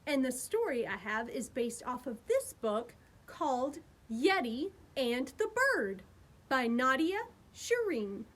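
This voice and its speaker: Woman, children's librarian, storytime reading, sing-song, high voice, swooping and lively. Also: slow pace.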